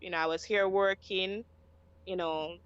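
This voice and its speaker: A woman's voice: mid-range voice, steady tone, a little slow, a bit bright, clean tone. A woman calling in to a live show, speaking earnestly and frankly about her own life. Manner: earnest, frank, keeps asking "you understand me?". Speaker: caller. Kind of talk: casual call-in chat. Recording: dry, dull call line.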